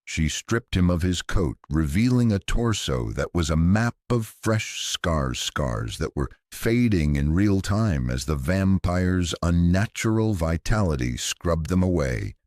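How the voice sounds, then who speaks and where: A man's voice: deep voice, lively intonation, unhurried, few pauses, a little mellow, dry recording, studio quality. A man narrating a scripted sci-fi story in a grave, dramatic storytelling manner.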